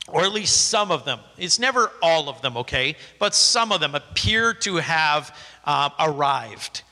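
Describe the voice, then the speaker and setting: A man preaching from the pulpit, his voice pitched high and very bright, cutting through the sanctuary. He leans hard into the scripture with stressed, rising phrases, then slips into relaxed, conversational explanation. The sound carries a long reverberant tail from the church hall. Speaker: pastor. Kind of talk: sermon with scripture reading.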